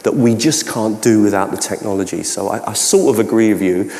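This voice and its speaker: A man's voice: fairly low pitch, brisk, a little mellow. Cockney-accented man answering in an echoey hall. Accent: London Cockney. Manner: rambling, frequent restarts and hedges. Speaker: keynote speaker. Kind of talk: conference Q&A answer. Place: large conference hall. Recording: echoey hall, long reverb.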